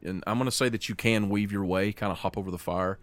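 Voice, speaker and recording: A man's voice: on the low side, fairly even intonation, dry recording. A man running a tabletop game as game master, narrating scenes vividly and calling rolls. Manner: vivid, descriptive narration with quick rules calls.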